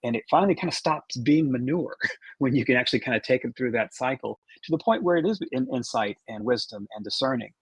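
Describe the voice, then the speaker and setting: A man's voice: medium pitch, expressive, fairly quick, slightly rough, no room sound, poor audio. A man moderating a conference talk and running the questions, speaking steadily with frequent restarts and ums. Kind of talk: conference talk over video.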